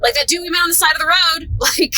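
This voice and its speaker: A woman's voice: very high voice, steady tone, fast, bright, forceful tone, a little hiss or hum, poor audio. A woman co-hosting a podcast, telling stories expressively and laughing often from inside a moving car. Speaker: podcast co-host. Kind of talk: casual chat.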